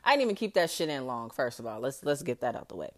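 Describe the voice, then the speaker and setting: Woman, 40s, podcast host; lively, profane comic storyteller. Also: very deep voice, fast. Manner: profane, brash and animated; laughs often mid-sentence. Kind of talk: comedic storytelling.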